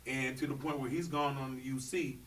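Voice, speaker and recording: Animated man hosting a sports podcast. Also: medium pitch, slight background noise. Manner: animated, laughing, quick asides. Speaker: podcast host. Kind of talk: casual sports chat. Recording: distant mic with faint ambience.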